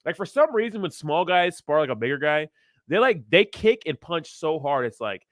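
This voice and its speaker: A man's voice: on the high side, sing-song, moderate pace, no echo, clean studio sound. A man in his thirties hosting a casual livestream, chatting with his viewers in a rambling, profane, laid-back way and laughing often. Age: 30s. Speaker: crypto streamer reading chat.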